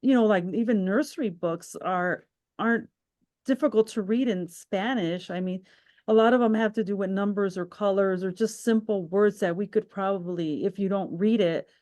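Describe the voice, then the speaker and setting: A woman's voice: mid-range voice, moderate pace, darkish tone. A woman hosting a podcast interview, talking in a reflective, rambling way with many restarts. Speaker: podcast host.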